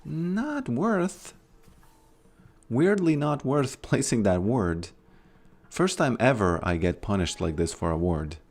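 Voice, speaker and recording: Low-voiced laid-back male streamer. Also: expressive, unhurried, a little mellow. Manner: laid-back, answering chat, trailing off mid-sentence. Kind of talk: casual livestream chat while gaming.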